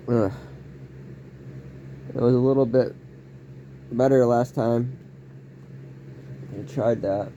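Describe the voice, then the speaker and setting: A man rambling through a casual home vlog indoors, using odd word choices and breaking into sudden yelled outbursts. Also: on the low side, unhurried, long pauses, slight background noise. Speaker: vlogger.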